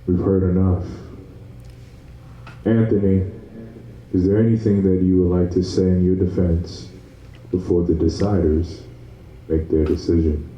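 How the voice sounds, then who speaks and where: A man's voice: deep voice, level tone, a little slow, pauses often, mellow. A man playing a stern, unseen male judge who speaks with solemn command. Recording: muffled distant voice in a heavy echo.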